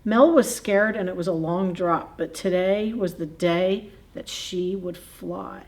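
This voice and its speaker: A woman's voice: on the low side, takes it slowly, darkish tone. A woman librarian reading a picture book aloud at a children's story time, in a playful, chatty way, chuckling and asking the kids questions.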